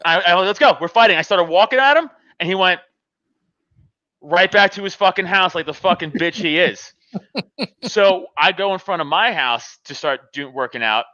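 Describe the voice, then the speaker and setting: He's a podcast host speaking at normal speed in a high-pitched voice, casually telling a story with lots of laughter and swearing. He animatedly acts out both sides of the argument. There's no echo, and the audio is dull.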